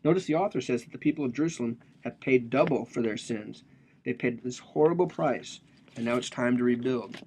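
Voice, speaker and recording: A man's voice: medium pitch, brisk, darkish tone, slight background noise. A man giving a casual, joking lecture on a religious text, explaining it with slang and asides.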